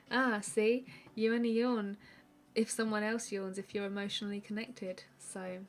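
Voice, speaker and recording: Woman, live-stream art host, relaxed rambling chat, mid-pitched voice. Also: slow. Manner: relaxed and chatty, many fillers, answers viewer questions. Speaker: artist hosting a live stream. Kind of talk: casual chat while drawing.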